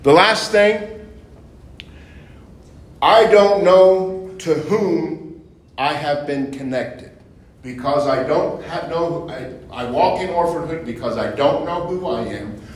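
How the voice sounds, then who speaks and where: A man preaching informally to a small group, conversational, repeating phrases and asking rhetorical questions, building to loud emphatic bursts. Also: fairly high pitch, slow pace. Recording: echoey room from far off, faint noise.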